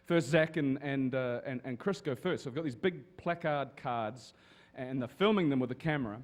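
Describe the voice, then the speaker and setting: A man telling casual, lively anecdotes to an audience as a guest on a convention panel. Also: mid-range voice, normal speed. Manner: lively storyteller with restarts and swearing.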